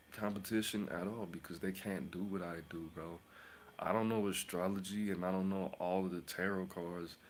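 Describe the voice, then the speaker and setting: Deep-voiced man ranting boastfully. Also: slight background noise. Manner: rambling, boastful and mocking, with sudden whispers and outbursts. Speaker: tarot reader and channel host. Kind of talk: casual rant to camera.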